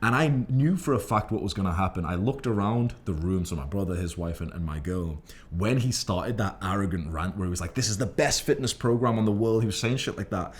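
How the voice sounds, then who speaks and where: Slight background noise sits under a low, slightly fast voice. It belongs to a young English self-improvement creator with a Liverpool accent, who gives the camera a brash, profane pep talk full of constant, emphatic swearing.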